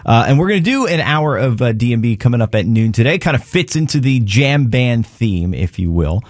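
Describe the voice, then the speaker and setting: Chatty male radio DJ, lively pitch. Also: brisk, no echo. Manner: loose and chatty, many fillers and restarts. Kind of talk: casual radio chat between songs. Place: radio studio.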